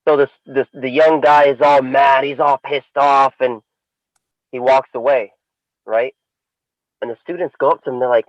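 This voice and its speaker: A man co-hosting a podcast, telling a story in a casual, animated way. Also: moderate pace, long pauses, dry recording, dull audio. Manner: animated storyteller, swings pitch for emphasis. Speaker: podcast co-host.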